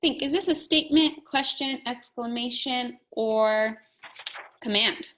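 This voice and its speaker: A woman teaching a phonics lesson to young children, slowly and clearly sounding out letters and words. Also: on the high side, fairly bright tone, a little hiss or hum, rough recording.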